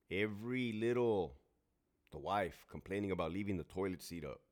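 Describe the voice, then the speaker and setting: This is a casual storytelling monologue from a forties-aged veteran and ex-prison guard from Southern California. His low-pitched voice has lively intonation and moves at a moderate pace, and he speaks bluntly and emphatically, swearing heavily.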